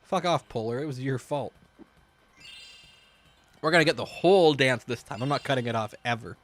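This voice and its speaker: A man's voice: mid-range voice, moderate pace. A man giving casual, rambling commentary while streaming a game, joking and swearing freely, in a hot room at home.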